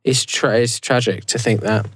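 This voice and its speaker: A man's voice: medium pitch, steady tone, moderate pace, slight background noise. Rambling British man on a podcast. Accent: British English. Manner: chatty, rambling, restarts mid-sentence. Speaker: podcast co-host. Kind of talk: casual podcast chat. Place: recorded live in a converted prison.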